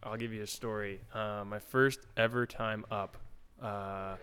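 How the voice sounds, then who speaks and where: A man's voice: fairly low pitch, steady tone, a little slow, sharp tone, clean tone. A young man, a pro hockey player, casually telling a story in an interview, laid back with lots of fillers. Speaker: guest, pro hockey goalie.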